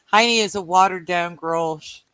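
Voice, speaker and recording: A Canadian woman chats through a livestreamed card game, reading viewer comments aloud and laughing at her own jokes. She talks at an unhurried, drawn-out pace. Her voice sounds dry and close, with no room around it. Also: on the low side, a bit bright, clear, resonant tone, dry recording, low-quality recording. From British Columbia, Canada. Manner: reads chat aloud and jokes, laughing often. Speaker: livestream co-host. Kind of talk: casual chat while playing a card game.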